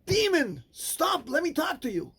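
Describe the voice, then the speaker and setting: A man's voice: very high voice, huge pitch swings, a little slow, creaky, a bit bright, pitched above the performer's own voice, heavily acted. A man voicing a stern old sage in a sermon story, calling out in a raised, urgent voice.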